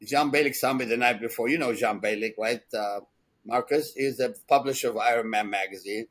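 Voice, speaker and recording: A man in his sixties telling rambling, animated stories as a podcast co-host, laughing often. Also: mid-range voice, a little fast, low-quality recording. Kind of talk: casual storytelling chat.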